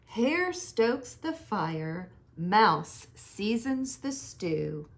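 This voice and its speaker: A woman teacher reading a children's picture book aloud, with slow, expressive sing-song storytelling. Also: medium pitch.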